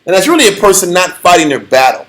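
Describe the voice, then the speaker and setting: A man with a notably high-pitched voice leads a lively scripture class. He preaches in an emphatic, challenging way, throwing rhetorical questions at the room. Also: fast, rough recording. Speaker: Bible teacher.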